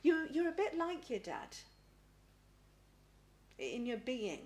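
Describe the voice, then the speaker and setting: A middle-aged woman giving a live spirit reading as a psychic medium. She talks haltingly, repeats words and often asks "please?". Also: sits high, sing-song.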